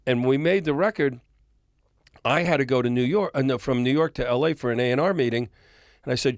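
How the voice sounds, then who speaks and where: This older podcast guest from the music industry talks at a quick pace in a mid-range voice, animatedly acting out quoted dialogue in his long stories. The audio is clean studio sound with no echo.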